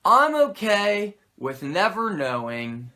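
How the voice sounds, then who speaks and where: A man who reviews wrestling shows in a loose, rambling way, swearing freely and mocking himself. His pitch swings widely and his voice has a bright edge. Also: sing-song, takes it slowly. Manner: rambling, profane, self-mocking. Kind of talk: casual commentary.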